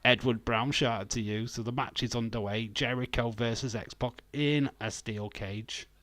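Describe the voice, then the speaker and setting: A man's voice: mid-range voice, steady tone, moderate pace, a bit bright, no room sound. A man hosting a watch-along stream, joking, laughing often and chatting with his viewers. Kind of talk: casual live commentary.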